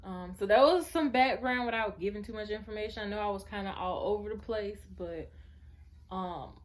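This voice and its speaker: A woman's voice: mid-range voice, normal speed. Earnest chatty young woman vlogger. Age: 20s. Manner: chatty, addresses viewers as y'all; earnest, heartfelt storytelling. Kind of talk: personal story vlog.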